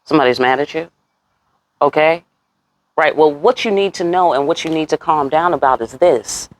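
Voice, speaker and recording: A woman giving a casual tarot reading. She talks straight to the viewer with a lot of attitude and cursing, and jumps up in pitch on her rhetorical questions. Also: normal speed, no room sound. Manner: sassy, talks straight to viewers, curses freely. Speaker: tarot reader.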